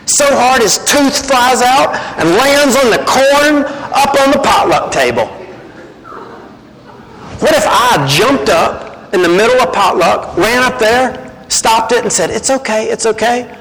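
A man's voice: very high voice, slow, in a large hall, a crowd in the background, rough recording. A man preaching as a guest speaker, acting out the voices he quotes. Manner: animated, acts out quoted voices. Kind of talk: sermon.

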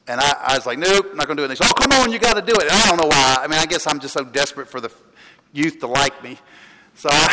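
A pastor preaching a sermon in a church, talking in a chatty storytelling way, with restarts and laughs. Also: male voice, fairly high pitch. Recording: long hall reverb, loud background noise.

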